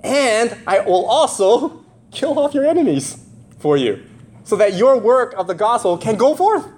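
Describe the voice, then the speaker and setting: A man's voice: extremely high pitch, sing-song, measured pace, a little mellow, voice pushed up, exaggerated voice. A man with nasal congestion voicing a wealthy patron who makes tempting offers in a raised, coaxing voice. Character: wealthy male patron offering protection, smooth and persuasive.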